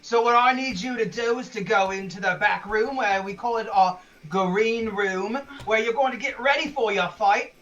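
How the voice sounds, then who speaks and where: A man voicing a brash, greedy male arena boss, gruff and scornful. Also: sits high, normal speed, few pauses, bright, forceful tone, lo-fi sound. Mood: businesslike.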